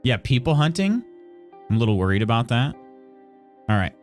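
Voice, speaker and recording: Playful man with a lively voice. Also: mid-range voice, normal speed, faint music behind. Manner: playful, wry asides to chat. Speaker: game streamer. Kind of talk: live gameplay stream, reading tutorial text aloud.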